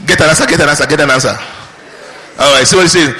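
A man pastor preaching a sermon with lively rhetorical questions. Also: fairly high pitch, fast talker. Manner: animated preaching with mimicked prayers and rhetorical questions. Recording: reverberant hall.

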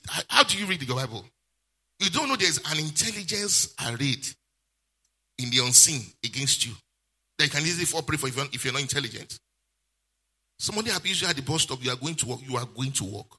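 A male pastor, preaching a sermon with lively call-and-response questions. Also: a little high, breathy edge.

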